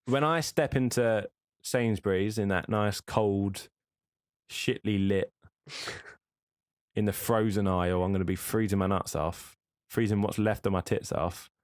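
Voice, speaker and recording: Casting: man, lowish voice, rambling podcast co-host, dry close sound. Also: fairly even intonation, a little slow, dry recording. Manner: rambling, yawning, swears freely. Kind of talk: casual chat.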